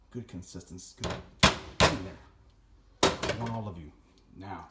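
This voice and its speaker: A man's voice: lowish voice, a little slow, vocal fry, pauses often, heavy background noise. A young man chatting playfully while he cooks a stew in his home kitchen, humming little sound effects as he goes. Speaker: home cook vlogger. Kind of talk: casual cooking vlog.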